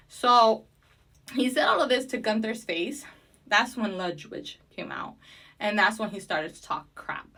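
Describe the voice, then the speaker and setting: A woman's voice: on the high side, a little slow, fairly bright tone. A woman casually recapping and giving her opinions on a wrestling show, chatty and opinionated. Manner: chatty, opinionated, with fillers and restarts.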